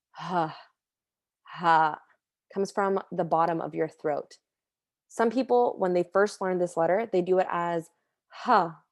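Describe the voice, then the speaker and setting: A young woman giving a casual tutorial on letter sounds, relaxed and chatty, often pausing to correct herself. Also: on the low side, dry recording, clean studio sound. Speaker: Quran recitation teacher.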